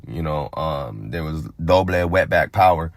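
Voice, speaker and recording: Young guy, real deep low voice, cussing a lot, telling a hood story, dry close mic. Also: a little slow, gravelly, no echo. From Phoenix, Arizona. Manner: profane, animated, acts out other people's lines. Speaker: storyteller on a vlog channel. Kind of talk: casual street storytelling.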